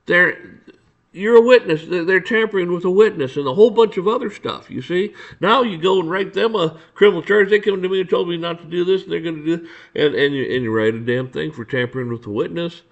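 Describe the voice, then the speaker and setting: A man's voice: a little high, brisk, muffled recording. Blunt, profane man ranting. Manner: blunt, profane and repetitive, with stammered restarts; acts out dialogue with officials. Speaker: podcast host. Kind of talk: casual ranting monologue.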